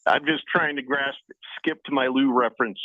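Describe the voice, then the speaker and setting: A man hosting a casual sports radio show, reading listener messages aloud in a jokey, lively way. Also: medium pitch, no room sound. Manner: jokey, lively, talks fast in spurts. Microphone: phone line into the studio. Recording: tinny phone line, dry.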